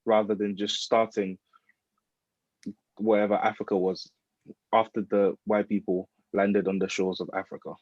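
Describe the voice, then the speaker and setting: Man, low voice, opinionated podcast co-host, dry lo-fi recording. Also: little pitch movement, normal speed, pauses often, no room sound. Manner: opinionated, teasing. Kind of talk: casual chat. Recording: dull dry lo-fi sound.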